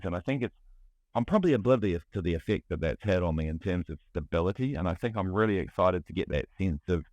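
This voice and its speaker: Low-voiced New man, candid. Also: darkish tone, no echo. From New Zealand. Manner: candid, restless, heavy on fillers and restarts. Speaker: guest, music producer. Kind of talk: casual podcast conversation.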